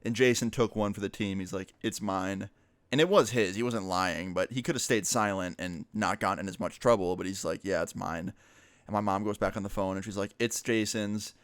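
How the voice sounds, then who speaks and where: A man's voice: lowish voice, fast, hardly any pauses, smooth, no room sound. A young man telling a personal story in a casual, rambling way, with swearing and fillers. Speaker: vlogger.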